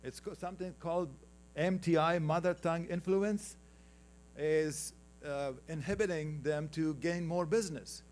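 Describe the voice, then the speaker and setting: A man from Afghanistan, speaking with an Afghan accent, presents slides at a conference in a relaxed, conversational way, joking with the audience and asking for the next slide. His voice is slightly high and darkish, and he keeps a measured pace.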